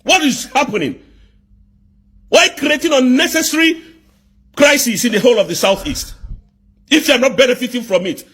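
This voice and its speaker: A man with a very high, husky voice. He rants angrily about politics, firing off repeated rhetorical questions and breaking into shouts. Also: lively intonation, normal speed, pauses often. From southeast Nigeria. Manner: fiery, repetitive rhetorical questions, bursts of shouting. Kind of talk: angry political rant.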